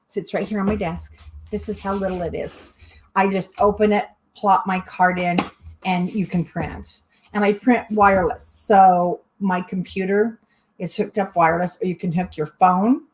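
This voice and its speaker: A woman's voice: mid-range voice, steady tone, moderate pace, a little mellow, a little hiss or hum. Chatty, giggly woman crafting host. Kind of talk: live-stream crafting chat.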